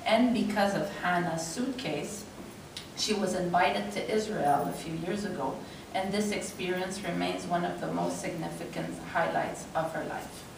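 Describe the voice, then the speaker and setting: A woman's voice: lowish voice, normal speed, vocal fry. Emotional woman presenter in an echoey hall. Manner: emotional, laughing, near tears. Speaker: award presenter. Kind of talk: reading a tribute speech. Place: large convention hall. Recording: echoey hall, distant mic, noisy.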